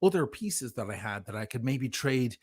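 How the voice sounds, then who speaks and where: A man's voice: medium pitch, sing-song, normal speed, a little mellow, husky. A man speaking as a guest in a heated livestream discussion, defending himself emphatically and sarcastically. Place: lives in Venice.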